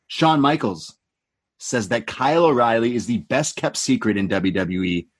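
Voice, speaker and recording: A man's voice: medium pitch, husky. A man co-hosting a podcast, casually and animatedly retelling a wrestling show and acting out the wrestlers' lines. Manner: animated retelling, quotes the wrestlers in changed voices. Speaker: podcast co-host.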